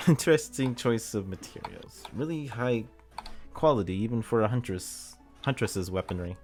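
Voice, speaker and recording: A man's voice: lowish voice, slow, long pauses, a little mellow, faint music behind. A man reading as a curious young fighter.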